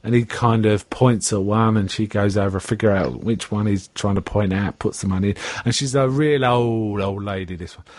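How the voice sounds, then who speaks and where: A man's voice: normal speed, few pauses, no room sound. A man recapping a TV episode in casual chat, acting out the characters' lines as he goes. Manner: animated retelling, pitching up for quoted characters. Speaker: podcast host.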